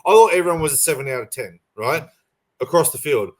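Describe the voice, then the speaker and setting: A podcast co-host on a remote call talks sports casually in a fairly high, expressive voice, speaking fast. He's passionate and rambles, often restarting his sentences.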